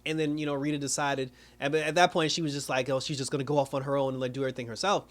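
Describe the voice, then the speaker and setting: A man's voice: mid-range voice, little pitch movement, racing. A man recapping a TV episode in a loose, rambling way, full of slang and filler words, often laughing as he goes. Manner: slangy street talk. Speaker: TV show reviewer.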